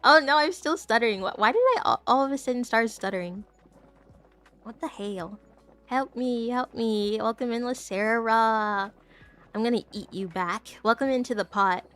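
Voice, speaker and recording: A woman's voice: a little high, normal speed, fairly bright tone, faint music behind. A young woman chatting casually on a live stream, giggling often and tripping over her words as she rambles to her viewers. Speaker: VTuber streamer.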